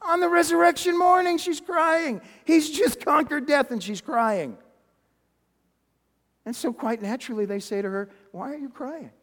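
High-voiced preacher in an echoing church. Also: male voice, a little slow. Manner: animated storytelling, drops to a near-whisper for emphasis; chuckles and restarts sentences. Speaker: pastor. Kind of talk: sermon. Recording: long hall reverb.

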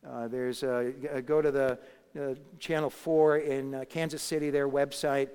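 A man's voice: medium pitch, little pitch movement, moderate pace, darkish tone, clear, resonant tone. A man preaching a sermon, telling a story and building to emphatic moments. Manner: storytelling, rising to emphatic peaks. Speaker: pastor. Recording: long hall reverb.

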